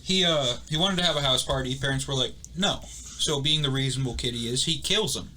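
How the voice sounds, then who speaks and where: A young man co-hosting a casual podcast, rambling through stories with quick asides and acted-out quotes. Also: medium pitch, sharp tone, slight background noise. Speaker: podcast co-host. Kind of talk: casual chat.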